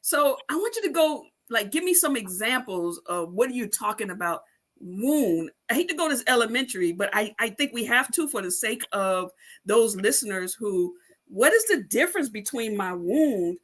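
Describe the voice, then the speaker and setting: A woman hosting an interview, affirming her guest with eager enthusiasm. Her voice is bright and forceful, and her questions run long. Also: a little high, very animated, moderate pace. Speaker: host.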